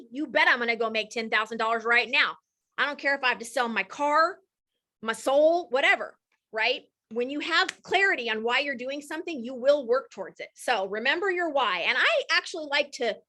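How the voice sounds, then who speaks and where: A woman in her thirties or forties, hosting a live coaching session with energetic, motivational enthusiasm. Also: on the high side. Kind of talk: live-streamed coaching talk.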